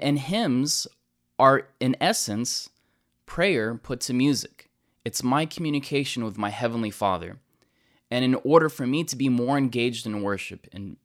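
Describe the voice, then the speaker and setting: A man teaching about a church hymn in an earnest, explanatory way, slowing down to stress key words and often restarting his sentences. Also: mid-range voice, fairly bright tone.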